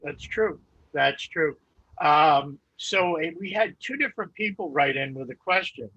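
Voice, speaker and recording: A man hosts a live online interview and passes viewer questions to his guest. His voice is bright and a touch high, with plenty of hesitant fillers. The sound is muffled and lo-fi. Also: lively intonation, unhurried, husky, dry recording. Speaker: host reading viewer questions.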